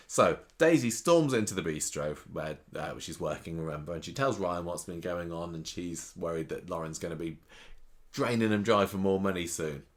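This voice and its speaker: A man's voice: low-pitched, lively intonation, normal speed. A man co-hosting a podcast, recapping episodes with sarcastic asides in a casual chat. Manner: sarcastic, mimics characters in quotes. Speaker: podcast co-host.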